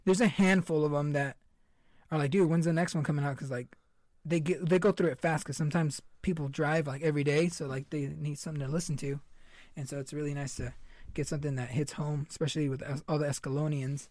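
A man's voice: on the high side, fairly even intonation, quick pace, a little mellow, no room sound. A young man hosting a podcast, chatting casually in a rambling, laid-back way and swearing a lot. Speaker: podcast host. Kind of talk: casual chat.

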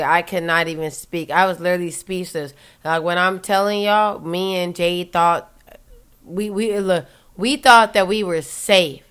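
A woman's voice: fairly low pitch, fairly bright tone, clear, resonant tone. A woman in casual conversation, retelling a story in an emphatic, profane way. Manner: emphatic, profane, repeats "literally".

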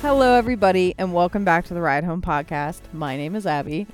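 A woman co-hosting a podcast in casual chat, bubbly and quick to laugh, a little out of breath. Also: fairly low pitch, soft background music. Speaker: podcast co-host. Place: in a car.

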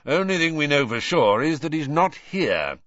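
A man's voice: fairly high pitch, sing-song, moderate pace, a bit bright, no echo, highs cut off, voice pushed up. A man voicing a grizzled, wary old male wizard with a growling voice and a curt, clipped manner. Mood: gruff.

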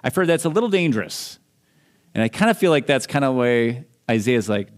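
A man's voice: medium pitch, very animated, fairly quick. A man from Minnesota, a pastor giving a sermon, explaining scripture verse by verse in a conversational way.

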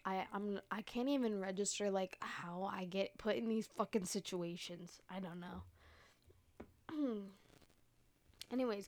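A young woman hosting a podcast, telling stories in a chatty, casual way, full of "like" and frequent swearing. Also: medium pitch. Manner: chatty, swears often, heavy use of "like". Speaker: podcast host. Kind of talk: casual storytelling monologue.

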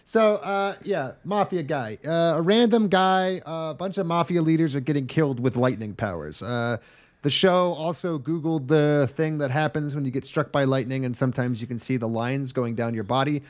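A man's voice: fairly high pitch, normal speed. A man co-hosting a comedy podcast, recapping an anime in a loose, joking way with plenty of swearing. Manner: swearing, joking, slips into put-on voices. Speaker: podcast co-host. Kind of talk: casual comedic chat.

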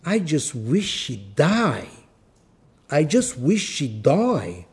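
A man's voice: fairly high pitch, extremely slow, husky, heavily acted. A man putting on a blunt Greek-accented man of sixty. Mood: bitter. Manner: blunt, flat, unapologetic. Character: man of sixty, Greek accent, bitter toward his mother.

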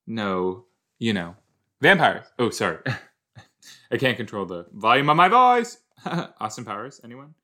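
Male podcast host, slow and chatty, low voice, loud exclamations between quiet asides. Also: sing-song. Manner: chatty, exclaims loudly then mumbles; talks to himself, quick jumps between soft and loud. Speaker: podcast host reacting to a TV episode. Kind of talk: casual watch-along commentary.

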